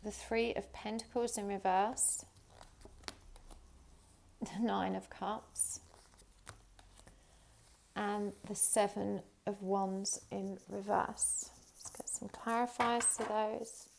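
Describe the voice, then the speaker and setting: Woman, tarot reader, vocal fry, mid pitch, chatty, casual fillers. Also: steady tone, takes it slowly, long pauses, slight background noise. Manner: chatty, warm-hearted, many ums and you-knows. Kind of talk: casual tarot reading to camera.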